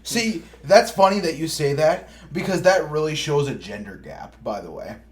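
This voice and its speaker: A man's voice: fairly high pitch, lively intonation, normal speed. A young man co-hosting a podcast, chiming in bluntly, swearing and laughing easily in casual chat. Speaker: podcast co-host.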